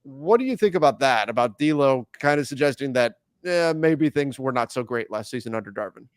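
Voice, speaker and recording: A man's voice: mid-range voice, expressive, a little fast, smooth, no room sound, clean studio sound. A man hosting a sports podcast in a conversational, self-deprecating way and steering the talk to the next topic. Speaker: podcast host. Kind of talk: casual sports chat.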